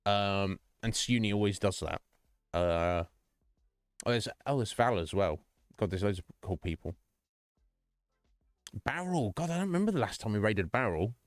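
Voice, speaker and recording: A man's voice: on the low side, dry recording. A man streaming, chatting loosely as he wraps up, rambling with jokes and frequent laughter. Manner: rambling, jokey, laughs often. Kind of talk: casual stream sign-off chat. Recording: dry close mic, faint music behind.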